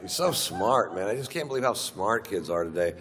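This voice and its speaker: A man's voice: fairly low pitch, lively intonation, brisk, fairly bright tone, some chatter behind. A middle-aged man with a Texan accent doing a crude, rambling stand-up routine on a theater stage, acting out quotes as he goes. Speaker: stand-up comedian. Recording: live theater with long reverb, faint hum.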